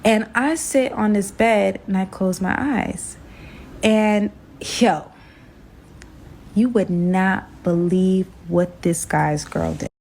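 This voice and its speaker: A young woman, from Brooklyn, telling a personal story in an animated, slangy, emphatic way. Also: mid-range voice, takes it slowly, vocal fry, slight background noise. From Brooklyn, New York. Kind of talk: storytime vlog.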